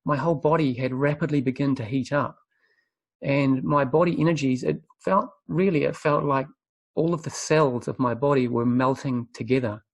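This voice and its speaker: A man presenting a spiritual webinar, telling his story earnestly and reflectively, often pausing to find his words. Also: medium pitch, dry recording. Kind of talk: spiritual talk, personal testimony.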